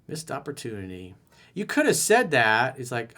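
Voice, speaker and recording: A man's voice: medium pitch, huge pitch swings, normal speed, sharp tone. A man coaching on dating, reading a viewer's email and replying bluntly and candidly with casual swearing.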